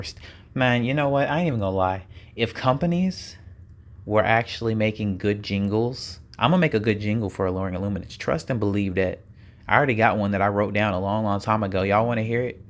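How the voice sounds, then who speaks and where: A man chats alone on his podcast, relaxed and playful. He keeps turning to the listeners with teasing questions and jokey asides, mixing in laughs and sighs. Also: lowish voice. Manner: playful, chatty, talks straight to listeners. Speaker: podcast host. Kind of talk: casual solo podcast chat.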